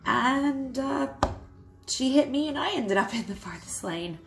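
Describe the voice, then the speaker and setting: A young adult woman telling a personal story to camera in a vlog, candid and quick to swear, with nervous little laughs. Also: high-pitched, expressive, vocal fry, poor audio. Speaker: vlogger.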